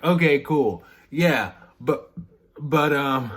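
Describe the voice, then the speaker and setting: A man talks casually to his camera in an unhurried, leisurely way. He rambles from one thought to the next, cuts himself off, starts sentences over and chuckles at his own remarks. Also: mid-range voice, fairly bright tone. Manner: rambling, self-interrupting, laughs at himself. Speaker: vlogger. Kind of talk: casual candid chat to camera.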